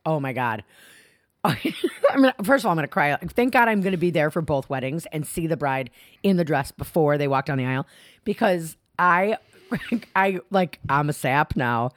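A woman's voice: deep voice, animated, normal speed, no echo, studio quality. A young woman co-hosting a podcast in casual chat, rambling and laughing often, restarting her sentences mid-thought. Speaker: podcast co-host.

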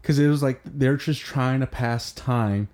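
Animated, mellow-voiced man. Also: medium pitch, measured pace. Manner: animated storyteller, acts out scenes. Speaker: podcast co-host. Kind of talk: casual movie chat.

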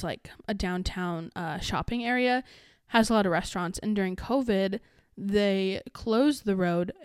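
A woman's voice: medium pitch, smooth, no room sound, studio quality. A young adult woman hosting her own podcast, talking in a casual, rambling way with many fillers and restarts. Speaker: podcast host. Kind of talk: casual solo podcast chat.

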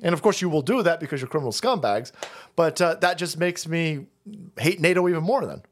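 A man's voice: a little high, lively intonation, fairly quick. A man hosting a stream, delivering a profane, sarcastic rant of political commentary. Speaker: streamer host.

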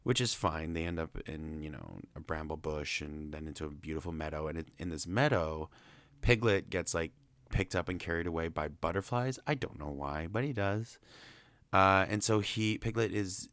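Low-voiced man rambling through a film recap. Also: fairly bright tone, clear, resonant tone, no room sound. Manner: chatty and rambling, amused. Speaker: film reviewer.

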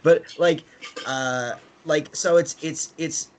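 Speaking slowly with fairly even intonation, an American man rambles through casual chat, full of fillers and restarts, and laughs frequently. His pitch is fairly high, and there's a little hiss or hum in the recording.

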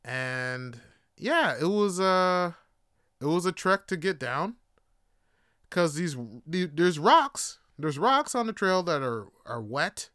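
A man from Jamaica spins a profane travel story, with a bright, ringing edge to his fairly high voice. his tone stays smooth and clean, recorded close and dry with no room sound. he laughs easily and trips over restarts. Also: sing-song, slow pace, no room sound. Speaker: podcast host. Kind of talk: casual storytelling monologue.

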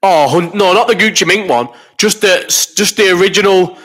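A man's voice: high-pitched, normal speed, a bit bright, husky. A man in his thirties hosting a casual live chat, rambling and swearing as he reads out comments while sick with a cough. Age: 30s. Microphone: desk microphone.

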